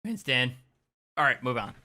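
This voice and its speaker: A man's voice: medium pitch, moderate pace. Tipsy, profane male streamer. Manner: laughing, profane, excitable. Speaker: streamer hosting a review show. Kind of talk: casual reaction commentary.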